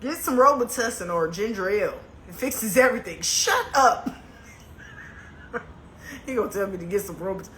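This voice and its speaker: A woman's voice: medium pitch, expressive, normal speed, pauses often, fairly bright tone. A woman chatting casually on a livestream, laughing as she complains dramatically about a stiff, sore neck and reads out comments. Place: indoors, on a couch. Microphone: phone. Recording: echoey room, faint noise.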